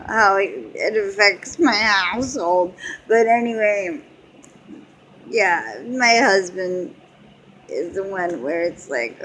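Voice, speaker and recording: A woman's voice: fairly low pitch, fairly bright tone, a little hiss or hum, poor audio. A woman in her thirties vlogging in casual chat, rambling and giggling often as she talks. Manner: giggly, rambling, frequent laughter.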